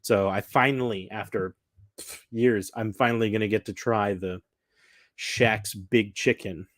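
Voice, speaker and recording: Lowish, dry-voiced chatty man. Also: steady tone, measured pace, fairly bright tone, no room sound. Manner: chatty and enthusiastic, rambling with fillers. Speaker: cruise vlogger. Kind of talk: casual chat.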